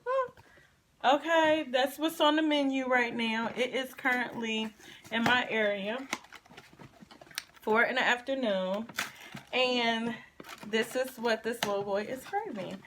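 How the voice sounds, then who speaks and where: A woman's voice: fairly high pitch, noisy background. Chatty pregnant woman with a stuffy nose. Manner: chatty and expressive, drawn-out repetitions. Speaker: vlogger. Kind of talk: casual pregnancy update and eating vlog.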